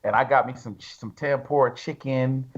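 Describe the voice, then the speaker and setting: A man's voice: medium pitch, normal speed, muffled recording. A man telling stories in a casual, slangy way, acting out other people's lines. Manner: animated, slangy, acts out quotes. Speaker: guest bodybuilder. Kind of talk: casual storytelling.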